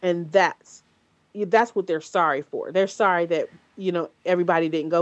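A woman's voice: fairly low pitch, normal speed, muffled recording. A woman hosting a podcast in casual talk, speaking bluntly with frequent swearing, fillers and restarts. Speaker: podcast host.

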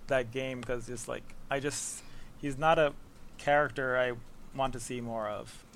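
A man talks through his thoughts in a loose, rambling way, full of fillers and easy laughs. His voice sits at an ordinary pitch, over a faint background hiss. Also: steady tone, unhurried, a bit bright. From the Bronx, New York. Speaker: podcast guest, games writer. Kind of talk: casual conversation.

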